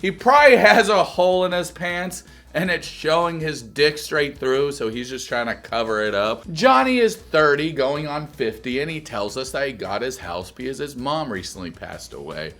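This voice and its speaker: A man hosting a comedic reality-show recap, crude and mocking, often breaking into shouted rants. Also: on the high side, expressive, moderate pace, few pauses, soft background music. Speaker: reaction video host.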